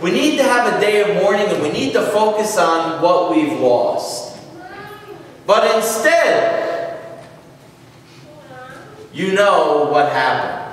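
A man delivers a sermon at an unhurried, deliberate pace, leaning into stories and punchlines. His voice sits a little high for a man. It comes from a distance in a church sanctuary with a long, roomy reverb and a faint hiss underneath. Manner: storytelling with jokes, slow and emphatic. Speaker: pastor. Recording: echoey church hall from far off.

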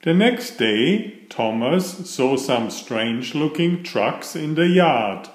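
A man narrating a children's picture book read-aloud in an unhurried storytelling manner. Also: fairly high pitch, animated. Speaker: storybook reader. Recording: echoey room.

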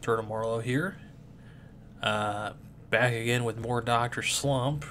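Slow, bright-voiced man reading a comic aloud. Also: medium pitch, fairly even intonation, a little hiss or hum. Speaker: comic reader. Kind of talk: casual read-aloud of a comic.

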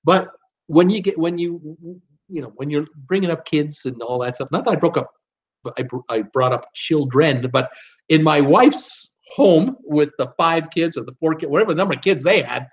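A man's voice: fairly high pitch, animated, moderate pace. Chatty man hosting a live stream. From Canada. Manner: chatty, jokey, reads out viewer comments. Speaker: live show host. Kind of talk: casual live-stream chat. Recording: dull lo-fi stream audio.

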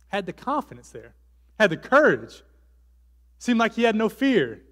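A man's voice: sits high, very animated, moderate pace, long pauses, fairly bright tone, long reverb tail. A man preaching a sermon as pastor, telling the story casually with fillers and acting out the quotes. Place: church hall.

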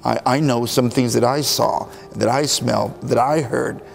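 A man's voice: medium pitch, steady tone, normal speed, creaky, slight background noise. A man in a documentary interview, telling candid, self-mocking stories about the priest who heard his confessions. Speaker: parishioner recalling a priest.

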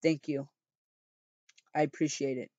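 Scared young writer guy pleading, dude reading flat, dry lo-fi audio. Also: a little high, measured pace, dry recording.

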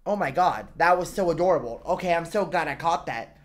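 A woman giving casual reaction commentary on an anime, excitable, swearing and repeating words in bursts. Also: fairly low pitch, a little fast.

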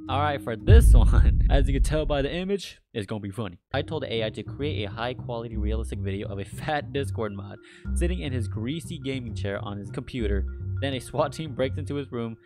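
A man giving casual, excitable reaction commentary as a video host, swearing freely and laughing often. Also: medium pitch.

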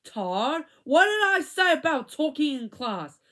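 A strict schoolteacher, played by a woman reading aloud, stern and scolding. Her voice lifts high and firm in a lively storybook way. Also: a little slow, exaggerated voice.

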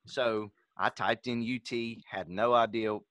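A man's voice: on the low side, steady tone, measured pace, a bit bright, no echo. A man, telling folksy anecdotes on a podcast in a casual, laughing way. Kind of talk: casual chat.

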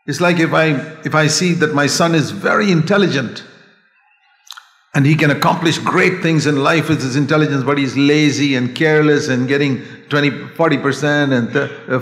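An older man preaching a sermon, earnest and pleading, dropping to a hush and then rising to a raised voice. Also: mid-range voice, creaky. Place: church hall. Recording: echoey hall.

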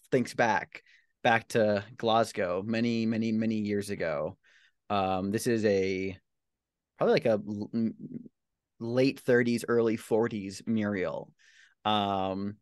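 Halting man narrating a tabletop scene. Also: on the low side, no room sound, studio quality. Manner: halting, full of fillers and restarts. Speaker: tabletop game player.

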